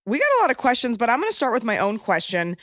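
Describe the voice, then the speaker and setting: A woman's voice: on the high side, big pitch swings, fast, a bit bright, no room sound, studio quality. A woman hosting a podcast interview, chatting in a playful, gushing way. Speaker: podcast host. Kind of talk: casual interview chat.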